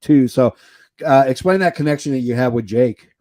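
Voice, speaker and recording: Mellow-voiced male podcast host. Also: medium pitch. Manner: relaxed, fills pauses with uh. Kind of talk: casual interview.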